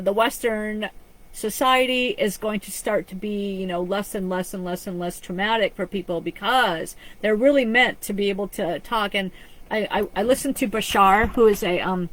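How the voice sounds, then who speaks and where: A woman's voice: mid-range voice, normal speed, a bit bright, rough recording. A woman psychic medium giving a live-streamed reading, talking in an earnest, rambling way with frequent restarts. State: choked up with emotion.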